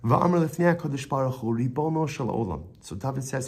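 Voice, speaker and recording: A man's voice: medium pitch, expressive, fast, hardly any pauses, darkish tone, husky. A man giving a Torah lesson as a rabbi, telling the story with Hebrew phrases woven in and often repeating words as he thinks.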